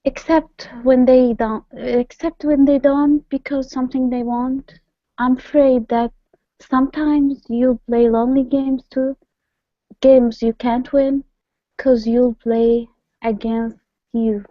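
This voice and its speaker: Woman learner reading aloud slowly. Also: high-pitched, steady tone, no room sound, highs cut off. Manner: careful, hesitant reading. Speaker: student. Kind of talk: reading aloud in a language class.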